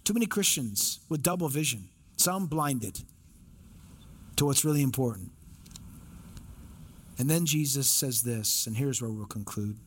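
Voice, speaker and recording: A man's voice: mid-range voice, lively intonation, a little slow, pauses often, slight background noise. A male pastor preaching a sermon, emphatic, with repeated phrases and rhetorical questions.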